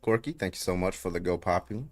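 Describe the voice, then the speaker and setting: A man with a notably low, deep voice hosts a casual livestream debate. He is brash and hyped, swears freely and fires questions at callers. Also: quick pace, soft background music. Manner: hyped, brash, profane, calls out viewers.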